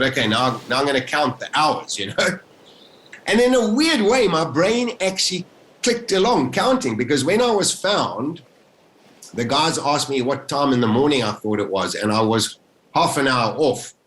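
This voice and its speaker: South African male guest; lively first-person retelling, recorded in an echoey room. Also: medium pitch, moderate pace, a little hiss or hum. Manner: animated, vivid retelling with acted-out inner thoughts. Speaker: interview guest. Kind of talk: emotional first-person storytelling.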